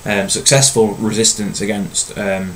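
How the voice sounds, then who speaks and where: A lower-pitched man explains a history topic like a teacher talking to his own class. He is relaxed and conversational and fills his pauses with ums and uhs. A faint hiss sits under the recording. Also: rough recording.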